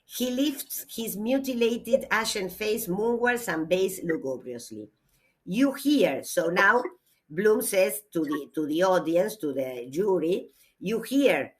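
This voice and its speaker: A woman, a literature teacher giving a classroom lecture, reading aloud slowly and explaining with hesitations. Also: mid-range voice, animated.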